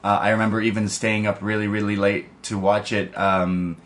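Man, podcast co-host, casual chat, low-ish voice, quick to laugh. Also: flat delivery, fairly bright tone. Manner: chatty, laughs often, quotes wrestlers in put-on voices.

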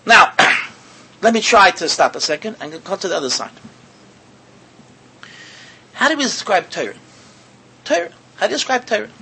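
A man preaching in a high, bright, slightly husky voice. He swoops up and down in pitch, fires rhetorical questions at his listeners and repeats words as he builds a point. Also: very animated, moderate pace, long pauses, low-quality recording. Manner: mixes in Hebrew and Yiddish words. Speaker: rabbi giving a talk. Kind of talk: sermon to an audience.

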